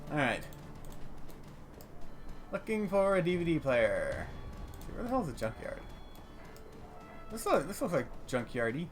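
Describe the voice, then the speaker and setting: A man's voice: a little high, big pitch swings, measured pace, long pauses, soft background music. A man streaming a role-playing game, making offhand joking asides. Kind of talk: casual let's play commentary.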